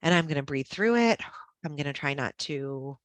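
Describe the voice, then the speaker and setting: This woman talks in a low voice, leaning on checks like "right?" and fillers, and she slips into little acted-out quotes. The sound is dry and close, with no room behind her, as on a video call. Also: expressive, normal speed, no room sound. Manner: conversational, frequent "um" and "right?", acts out quotes. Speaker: guest speaker on school leadership. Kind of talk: informal presentation.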